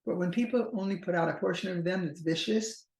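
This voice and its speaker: A woman relationship therapist explaining in a measured, thoughtful way, slowing down at times and restarting her phrases. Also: on the low side, darkish tone, echoey room, poor audio. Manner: measured and thoughtful, slow stretches with frequent restarts and fillers. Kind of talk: explanatory talk to camera.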